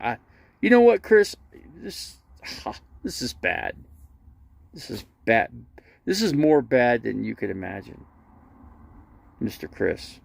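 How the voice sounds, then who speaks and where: A man's voice: medium pitch, vocal fry, no room sound. A man telling rambling, funny stories in a casual livestream, often laughing, stammering and restarting his sentences. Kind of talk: casual storytelling.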